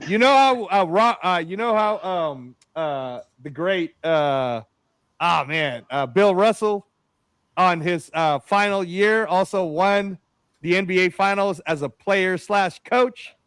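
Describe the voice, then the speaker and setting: Man, podcast host, high voice, dry sound, animated rambling talk. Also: takes it slowly, clear, resonant tone, dry recording. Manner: animated, rambling, says "bro" and "man" a lot. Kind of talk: casual sports podcast chat.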